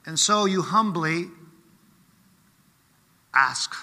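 Man, preacher, high voice, very bright and forceful tone, conversational sermon, long hall reverb. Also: takes it slowly, long pauses. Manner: conversational, keeps checking in with rhetorical questions.

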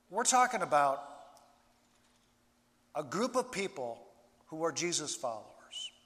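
A man preaching a sermon as a pastor, slow and deliberate with dramatic pauses. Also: a little high, fairly bright tone, long reverb tail.

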